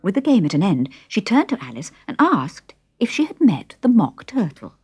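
A woman narrating a storybook in an expressive, lively reading, with faint music behind. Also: medium pitch, moderate pace, slightly rough.

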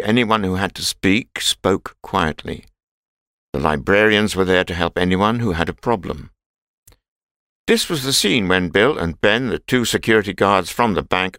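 A man narrating a simple storybook in a clear, measured reading voice. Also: sits low, fairly bright tone, no echo, clean studio sound.

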